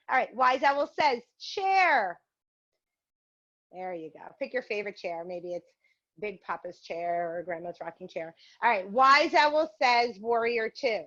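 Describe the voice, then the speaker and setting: A woman's voice: on the high side, fairly bright tone. A woman leading a virtual yoga and mindfulness class, guiding poses and a game in an upbeat, encouraging way. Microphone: video call. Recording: muffled video-call audio.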